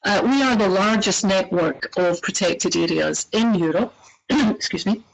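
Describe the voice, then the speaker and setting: A woman with a Scottish accent, leading a webinar as executive director, speaking in a friendly but halting way with many fillers over a poor computer microphone. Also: mid-range voice, creaky. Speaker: executive director of a parks network. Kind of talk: webinar presentation. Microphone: computer microphone on a web call.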